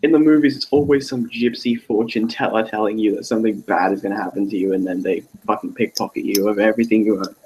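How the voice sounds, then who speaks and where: A man chatting on a voice call, fond of sarcasm and dry jokes. His voice sits a bit low. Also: fairly even intonation, fast talker, few pauses, a little mellow, a little hiss or hum, poor audio. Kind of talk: casual chat.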